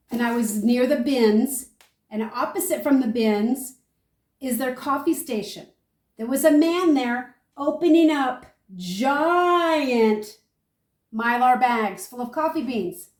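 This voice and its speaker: An older homesteading woman tells her story with animated, chatty energy. Her voice sits a little high, and it rings in an echoey room. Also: far from the mic. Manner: chatty, animated storyteller, talks viewers through each step. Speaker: homesteader demonstrating food storage. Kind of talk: casual how-to and storytelling.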